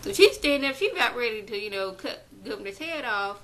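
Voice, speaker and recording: A woman recapping a TV episode in a chatty, animated way, now and then acting out characters' lines in her own voice. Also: fairly high pitch, brisk, slight background noise, low-quality recording. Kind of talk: casual recap.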